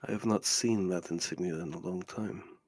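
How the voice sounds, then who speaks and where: A man voicing a cold, imperious male lord who speaks slowly and quietly with quiet menace. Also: low voice, dry recording, voice pushed down. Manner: slow, hushed, menacing.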